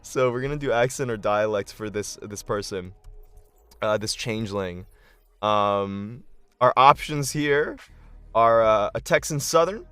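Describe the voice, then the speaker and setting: A man game master on a casual live stream, excitable and thinking aloud with lots of fillers. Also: lowish voice, a little slow, clear, resonant tone, dry recording.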